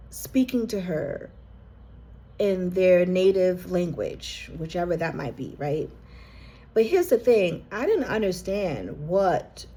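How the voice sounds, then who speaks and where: A woman with a low, mellow, slightly husky voice gives an emotional reading to the viewer. She talks slowly and earnestly, addressing "you" directly. At times she is moved close to tears. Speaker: intuitive card reader.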